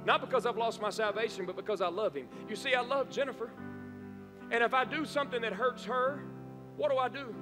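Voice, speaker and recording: A man's voice: very high-pitched, brisk, long reverb tail, music in the background. A male pastor preaching a sermon, emphatic and repeating phrases for emphasis. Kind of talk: live-streamed sermon. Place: church sanctuary.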